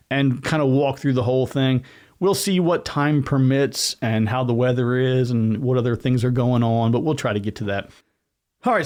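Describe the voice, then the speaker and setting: A man's voice: medium pitch, darkish tone. A man hosting a solo podcast in a casual, rambling, conversational way, often correcting himself mid-sentence and talking with his hands. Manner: gestures with hands while talking. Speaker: podcast host.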